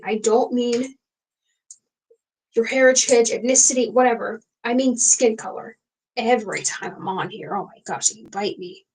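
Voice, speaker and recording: A woman's voice: on the high side, a little mellow, a little hiss or hum, low-quality recording. A young woman hosting a casual late-night livestream, talking frankly and rambling with many fillers and restarts. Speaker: livestream host.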